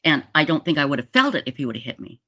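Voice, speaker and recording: Speaking fast in a low, sing-song voice with a fairly bright tone, a livestream host in her sixties from Utah rambles chattily through a long personal story, restarting often. Her streaming setup mic picks up no echo.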